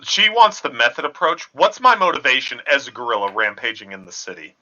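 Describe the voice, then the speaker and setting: A man's voice: medium pitch, expressive, brisk, pushed and bright, highs cut off. A man playing a tabletop game, tossing in joking remarks. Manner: joking quips. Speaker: player. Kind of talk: casual tabletop play.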